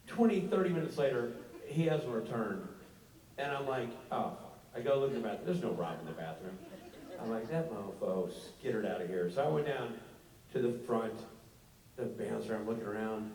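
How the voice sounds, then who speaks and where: A man's voice: medium pitch, a little fast. A man hosting a convention panel, telling a comic story with swearing and laughter, recorded from far off in a big echoey hall. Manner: animated, profane, laughing. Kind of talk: comedic storytelling on stage.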